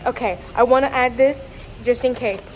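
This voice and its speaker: A woman casually vlogging to camera from her phone, excitable and playful, swearing now and then. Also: a little high, normal speed, a little hiss or hum. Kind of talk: casual vlog chatter to camera. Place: stores, streets and a theme-park district.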